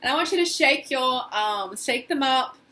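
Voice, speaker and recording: A woman guiding a tapping exercise in a casual, expressive way, acting out feelings as she leads. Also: sits high, normal speed. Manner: casual, expressive, acts out feelings in quoted phrases. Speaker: tapping session guide.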